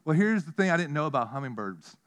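Animated pastor, man with a higher voice. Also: quick pace. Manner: animated storytelling, swinging from hushed to loud. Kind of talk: sermon.

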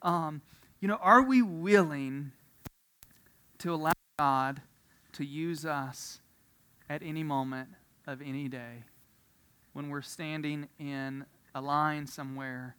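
A man preaching a sermon, telling a story with frequent laughter, swinging from quiet asides to loud emphasis. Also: on the high side, steady tone, slow pace, clean tone. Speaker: pastor.

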